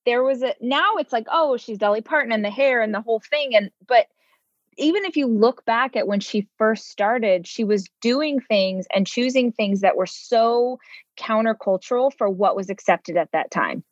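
A woman's voice: on the high side, moderate pace, no echo. A woman hosting an interview, talking with eager, gushing enthusiasm. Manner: enthusiastic, gushing fan talk. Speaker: interviewer, host. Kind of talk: casual interview chat. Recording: dull, dry lo-fi recording.

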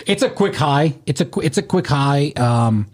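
A man tells a rambling story in casual conversation. His voice is husky, and he swears and laughs freely. He keeps restarting his sentences as he goes. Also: fairly high pitch, animated, moderate pace.

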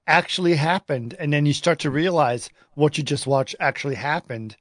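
A man talks through a film in casual podcast chat, his voice sitting a little high. He stalls and restarts often. The sound is dry and close. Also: no echo. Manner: rambling, halting restarts. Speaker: podcast co-host.

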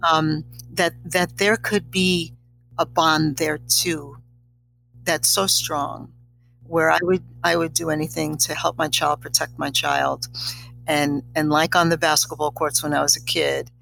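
A woman's voice: deep voice, steady tone, unhurried, creaky, a bit bright, rough recording. A middle-aged woman, a guest on an interview show, telling a personal story in a reflective, slightly teary way. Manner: emotional, reflective, a little teary.

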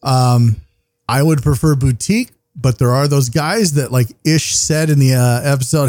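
A man in his thirties hosts a casual podcast, his voice tired and a little worn. He rambles and jokes, dropping profanity as he goes, in a mellow, darker tone. The mic is close and dry. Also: medium pitch, fairly even intonation, moderate pace, no echo. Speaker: podcast host. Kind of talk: casual chat.

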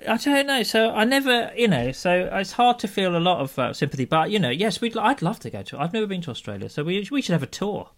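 A man's voice: high-pitched, very animated, fast talker, few pauses, a bit bright. A man co-hosting a casual podcast, hesitant with lots of ums and restarts and a dry humour. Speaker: podcast co-host. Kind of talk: casual chat.

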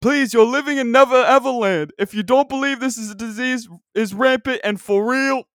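A man putting on the voice of an excitable older male basketball commentator who shouts his catchphrases with over-the-top enthusiasm. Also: extremely high pitch, moderate pace, dry recording, studio quality, voice pushed up. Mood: hyped, exclaiming. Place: at home, dog nearby.

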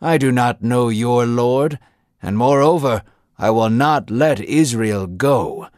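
A man's voice: medium pitch, takes it slowly, darkish tone, dry recording, studio quality, lightly acted. A man voicing a proud, defiant Egyptian king who speaks in a cold, dismissive way. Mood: scornful. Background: music.

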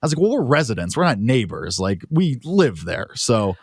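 Male co-host, mid-pitch voice, dry close sound, loose rambling storyteller. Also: big pitch swings, moderate pace, husky, dry recording. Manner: rambling anecdote full of "like" fillers. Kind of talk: casual chat.

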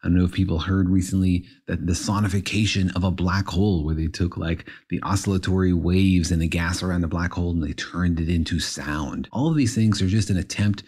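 A man with a very low, husky voice co-hosts a science podcast. He explains physics playfully and laughs easily. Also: fairly even intonation, brisk, hardly any pauses, darkish tone. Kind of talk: casual science podcast chat.

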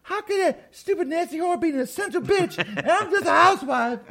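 A man doing a shrill whiny housewife. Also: animated, brisk, creaky, pushed and bright, heavily acted. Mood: whining. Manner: shrill, complaining, exaggerated. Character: whiny, indignant middle-aged housewife.

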